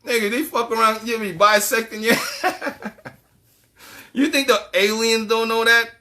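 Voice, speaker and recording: A man's voice: very high voice, fairly even intonation, moderate pace, pushed and bright. A man giving a casual, profane monologue as a channel host, ranting animatedly and laughing often.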